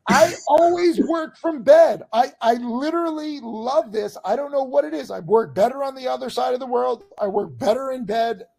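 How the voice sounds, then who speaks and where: A man with a hoarse voice hosting in excitable, emphatic casual promotional talk. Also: extremely high pitch, normal speed, few pauses. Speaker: host.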